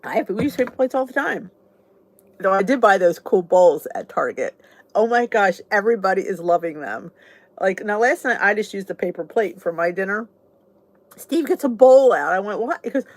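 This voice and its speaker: Casting: middle-aged woman vlog host, chatty and candid, animated pitch swings. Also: moderate pace, no room sound. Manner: chatty and candid, laughs often, oversharing. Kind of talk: casual chat with viewers.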